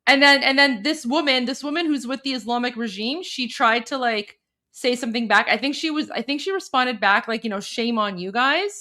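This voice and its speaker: A woman's voice: fairly high pitch, a little fast, sharp tone. A woman hosting live commentary, translating a clip for viewers, emphatic and full of repeated words and fillers. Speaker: host.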